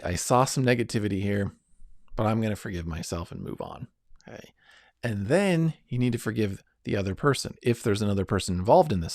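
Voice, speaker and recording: A man's voice: mid-range voice, no room sound, clean studio sound. A middle-aged man giving an earnest self-help lesson, coaching listeners step by step and often checking in with "right?" and "okay?". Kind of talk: instructional self-help talk.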